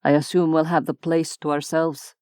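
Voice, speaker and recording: A woman's voice: sits low, level tone, normal speed, mellow, clear, resonant tone, no echo, studio quality, close to an everyday voice. A woman voicing a tired male commander who talks in a weary, matter-of-fact way, in an audiobook. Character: exhausted, steady male commander.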